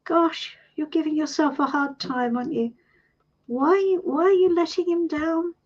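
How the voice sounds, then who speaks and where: British tarot lady on a live stream, high bouncy voice, kind of dull lo-fi sound. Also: steady tone, a little slow. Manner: warm, reassuring, calls people sweetie. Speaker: tarot reader and host. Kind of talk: live-stream coaching chat.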